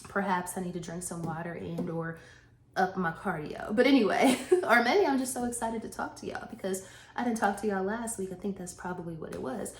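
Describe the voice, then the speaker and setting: A woman's voice: medium pitch, brisk. A woman chatting casually as a vlogger, laughing often and restarting her sentences, a little out of breath. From Southern US. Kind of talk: casual chat to camera. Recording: echoey room with faint noise.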